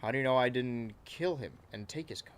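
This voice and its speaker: A man's voice: medium pitch, a little fast, a little hiss or hum. A man playing a video game and talking over it with rambling, sarcastic jokes and asides. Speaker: gaming channel host. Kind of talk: let's play commentary.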